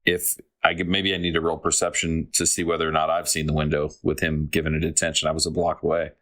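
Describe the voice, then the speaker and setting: A man's voice: very deep voice, monotone, fast talker, fairly bright tone. A man playing a tabletop game, describing his character's moves in a laid-back, jokey way. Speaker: player. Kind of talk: casual tabletop play.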